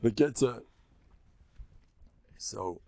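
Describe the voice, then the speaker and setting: A man's voice: mid-range voice, expressive, drawn-out words, creaky, warm tone. An older man, a rabbi giving a rambling, joking religious lecture and teasing his listeners.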